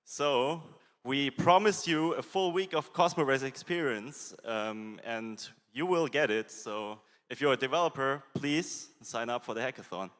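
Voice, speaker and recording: A man's voice: mid-range voice, a little slow, a bit bright. A man on stage calling a team up and promoting a hackathon. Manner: direct, inviting, with filler uhs. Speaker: conference organizer. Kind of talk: stage announcement. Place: large conference hall. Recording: reverberant hall sound.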